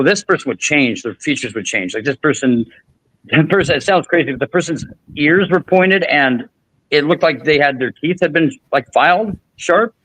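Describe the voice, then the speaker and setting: A man's voice: medium pitch, a bit bright, dry recording, low-quality recording. A man hosting a podcast, telling a long story in casual chat with frequent restarts and fillers. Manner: rambling, many restarts and fillers. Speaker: podcast host.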